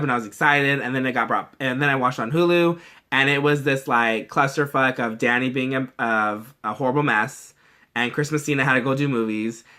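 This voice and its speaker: A man's voice: mid-range voice, sharp tone. A young man chatting casually in a vlog, gushing and swearing freely as he acts out quoted lines. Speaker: vlogger reacting to a movie trailer. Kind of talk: casual chat.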